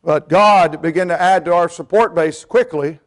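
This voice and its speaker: Man, middle-aged, high-pitched, preaching a sermon, storytelling, quiet to hollering swings. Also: normal speed. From North Carolina mountains. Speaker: pastor and missionary.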